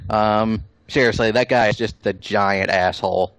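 A man's voice: lowish voice, fairly even intonation, slow, pauses often, slight background noise. A man hosting a casual podcast chat, joking and sarcastic as he talks with his co-hosts. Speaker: podcast host.

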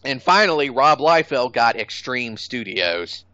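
On a podcast, a man chats casually, blunt and opinionated, swearing freely and laughing at his own jokes. His medium-pitched voice is very animated, a little slow and sharp, with no echo, and the recording sounds dull and lo-fi.

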